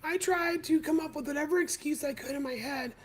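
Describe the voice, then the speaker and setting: High-voiced woman telling her story. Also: rough recording. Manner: candid, confessional, halting. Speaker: podcast host. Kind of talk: personal storytelling on a live stream.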